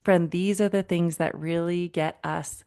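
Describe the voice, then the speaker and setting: A woman's voice: on the low side, fairly even intonation, a little slow, warm tone. A woman in her thirties hosting a parenting podcast as a counselor, talking conversationally and calling the listener "friend" while retelling client conversations. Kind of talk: warm direct-address podcast talk.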